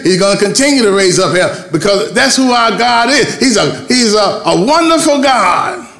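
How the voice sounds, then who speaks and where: High-voiced preaching pastor in an echoey church. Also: male voice, animated, creaky, a bit bright. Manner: preaching with call-and-response, drawn-out emphasis. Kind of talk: sermon. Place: church sanctuary.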